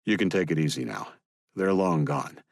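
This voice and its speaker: A man voicing a calm, battle-hardened agent with a laid-back, dryly humorous manner. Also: very deep voice, normal speed, slightly rough, dry recording, studio quality, full character voice. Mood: wry.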